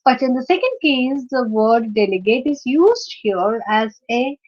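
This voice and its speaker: A woman teaching in an online lecture, explaining step by step with many pauses, fillers and restarts. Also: fairly high pitch, expressive. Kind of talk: screen-shared online lecture. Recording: dull lo-fi recording.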